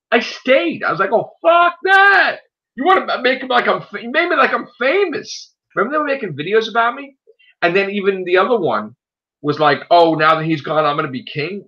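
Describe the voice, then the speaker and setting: Animated high-voiced man ranting profanely. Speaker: host of an online show. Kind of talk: casual ranting chat. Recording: dull lo-fi sound.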